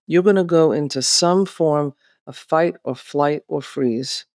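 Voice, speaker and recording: A woman co-hosting a podcast, explaining things in a calm, reflective, therapeutic way. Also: low-pitched, measured pace, no room sound, clean studio sound. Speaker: podcast co-host.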